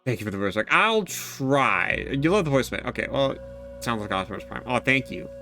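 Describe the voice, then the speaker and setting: A man's voice: mid-range voice, big pitch swings, a little fast, creaky, bright, forceful tone, faint music behind. A man streaming a game, chatting casually, rambling and laughing as he reacts to chat.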